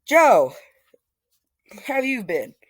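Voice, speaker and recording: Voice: medium pitch, big pitch swings, measured pace, fairly bright tone, dry recording. A casual storyteller voicing an eager, polite young male hero, wide-eyed and thankful.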